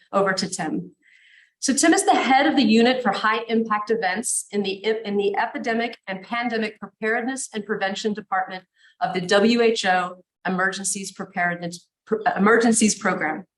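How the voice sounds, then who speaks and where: A woman's voice: medium pitch, rough recording. A woman moderating a conference session, welcoming the audience and introducing a speaker with enthusiasm.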